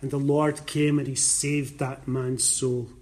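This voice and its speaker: A man preaching a sermon slowly and emphatically, repeating his phrases and rising loud and high when he voices scripture. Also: level tone.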